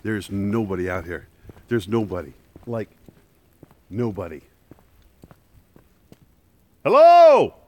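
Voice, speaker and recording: A man's voice: low voice, unhurried, long pauses, a little mellow. A man live-streaming a walk outdoors in a wooded park, talking casually through a camera on a selfie stick. He chats and laughs often, and jokes about the danger around him.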